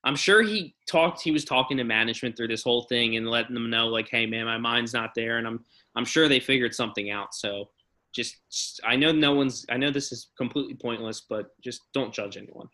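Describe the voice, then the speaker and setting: A man's voice: medium pitch, a little fast, bright, forceful tone. A young man hosting a casual podcast, ranting in a blunt, profane way. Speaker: podcast host.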